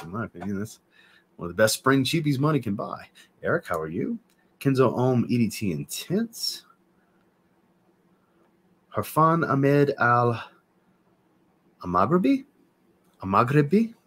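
A man's voice: on the low side, a bit bright, husky. A man hosting a casual live stream, chatty and enthusiastic, reading out viewers' comments and answering them. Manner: chatty, enthusiastic, reads out chat names. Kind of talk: casual livestream chat.

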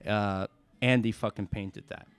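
A man's voice: on the low side, fairly even intonation, a little slow, clean tone. A man, a restaurant owner telling stories on a podcast in casual, profane chat and acting out quotes. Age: 30s.

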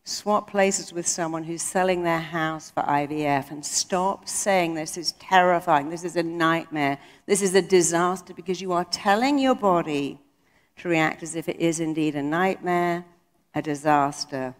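A woman's voice: fairly low pitch, normal speed. Emphatic woman in a hall. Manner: emphatic, acts out quoted voices. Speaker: speaker giving a talk. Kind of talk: motivational stage talk. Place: conference hall.

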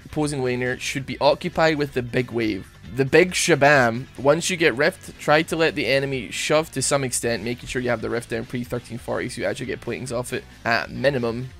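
A young man with a bright, forceful voice, chattering through a game in a loose, joking way. He rambles and teases himself as he plays. Soft music sits quietly behind him. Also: medium pitch, a little fast, creaky, few pauses. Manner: rambling, jokey, self-mocking. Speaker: gaming streamer. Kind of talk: casual gameplay commentary.

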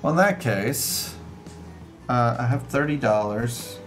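A man walks through board game rules in a relaxed, conversational way, thinking out loud as he plays. His voice sits at an ordinary middle pitch. Light upbeat music runs faintly behind him. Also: takes it slowly. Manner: chatty, explains rules while playing. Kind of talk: casual live-stream rules explanation. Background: upbeat background music.

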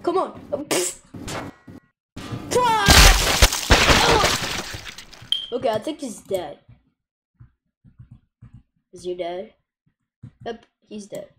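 A woman giving live gameplay commentary, excitable, with frequent loud outbursts and groans. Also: mid-range voice, takes it slowly, long pauses, heavy background noise.

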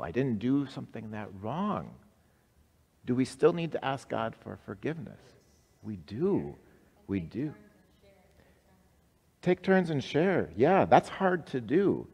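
A man leading a simplified worship service, speaking simply and warmly encouraging listeners to repeat short prayers after him. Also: fairly low pitch. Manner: simple, encouraging, leads call-and-response prayer. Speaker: pastor. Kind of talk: simplified worship service for people with special needs. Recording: live-streamed service with long reverb.

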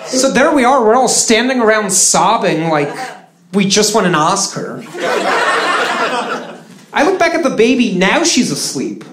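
Animated stand-up comic in a roomy hall. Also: male voice, high-pitched, measured pace, pauses often, heavy background noise. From Russia. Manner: lively, swings into flat deadpan punchlines. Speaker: stand-up comedian. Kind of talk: live stand-up comedy. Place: comedy stage before a live audience. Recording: roomy live venue with crowd laughter.

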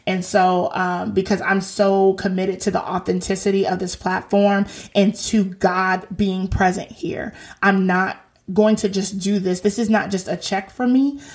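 A woman's voice: medium pitch, little pitch movement, unhurried. A woman in her thirties hosting a faith podcast, talking casually, earnest and exhorting, with slangy asides.

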